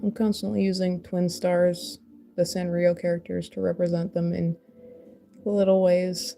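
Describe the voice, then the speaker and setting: A woman's voice: on the low side, dark tone. A woman chatting casually while sculpting, rambling and laughing often, joking at her own expense. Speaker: crafter and mother.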